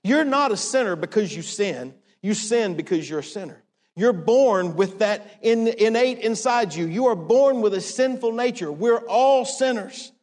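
A man preaching a sermon, emphatic and repetitive, swinging from hushed to raised. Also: high-pitched, lively intonation, unhurried, long reverb tail. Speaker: pastor.

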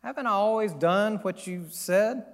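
Bible-story talking donkey, high and wounded, reasoning with its master, as a preacher puts it on; echoey hall. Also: male voice, unhurried. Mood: pleading. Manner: plaintive, exasperated questions. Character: stubborn put-upon talking donkey, pleading.

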